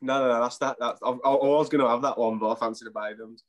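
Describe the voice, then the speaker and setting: A man's voice: mid-range voice, steady tone, quick pace. A man from England hosting a football podcast, leading the chat with teasing banter. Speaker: podcast host. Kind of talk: casual chat.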